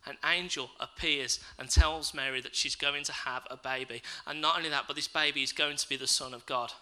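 A man's voice: a little high, fairly even intonation, brisk, bright, forceful tone, low-quality recording. A man preaching a sermon, reading scripture and then reflecting aloud and asking his listeners questions.

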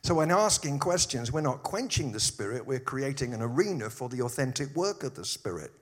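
A pastor preaching a sermon, telling stories with dry humorous asides. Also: male voice, medium pitch, fairly quick. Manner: animated storytelling with humorous asides.

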